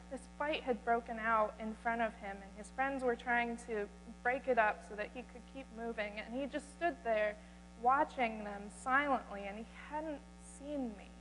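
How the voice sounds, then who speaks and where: A woman speaking as a humble outcast woman who is desperate and then awed, in an earnest first-person retelling with halting restarts. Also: on the high side, fairly bright tone. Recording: reverberant hall, faint mains hum.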